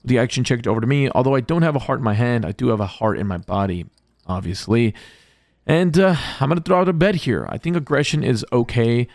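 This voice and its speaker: A man's voice: mid-range voice, darkish tone, dry recording, studio quality. A man narrating his poker hands as a vlog voice-over, upbeat and jokey in a play-by-play way. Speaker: poker vlogger. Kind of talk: voice-over hand recap.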